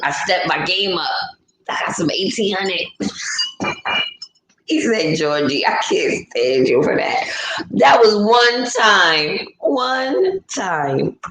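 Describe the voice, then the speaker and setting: A woman with a notably low voice talks through a casual live-stream commentary. She rants bluntly and reads out chat comments. The sound bounces around an echoey room with a faint hum behind her. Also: fairly bright tone. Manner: blunt, opinionated ranting while reading chat comments. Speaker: livestream host.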